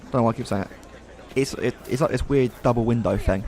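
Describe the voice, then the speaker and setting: A man's voice: mid-range voice, fast talker, a little mellow, slight background noise. A man from Wales with a Welsh accent, giving casual, profane let's play commentary as he plays. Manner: profane, ranting. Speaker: gamer.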